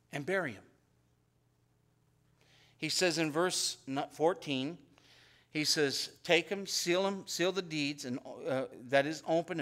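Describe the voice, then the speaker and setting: A man with a fairly high, somewhat bright voice teaches an expository sermon in a church sanctuary. His style is conversational, with frequent repeated words and acted-out versions of the prayers he quotes.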